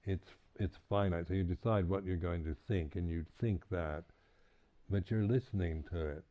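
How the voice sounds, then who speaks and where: This man's voice sits low as he leads a reflective dharma talk on retreat as a meditation teacher. The talk comes haltingly, full of restarts and repeated words, with gentle chuckles between ideas. The recording quality is tinny and phone-like.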